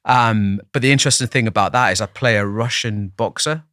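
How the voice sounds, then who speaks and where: Low-voiced man, dry sound. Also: a little fast, fairly bright tone, smooth, no echo. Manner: chatty, self-deprecating, many restarts. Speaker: podcast guest. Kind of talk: casual interview storytelling.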